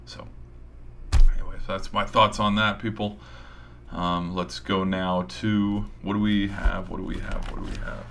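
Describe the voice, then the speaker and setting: A tired sports show host, his voice giving out, rambles through casual game predictions with hype and mild swearing. He speaks in a low, gravelly, fairly bright voice with a level tone and an unhurried pace. There is a little hiss or hum.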